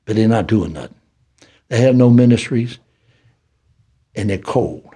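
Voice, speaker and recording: Older male podcast guest, Southern city accent, husky and dark, lively preacher-style testimony. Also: lowish voice, measured pace. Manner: preacherly, animated storytelling with folksy talk. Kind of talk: storytelling testimony.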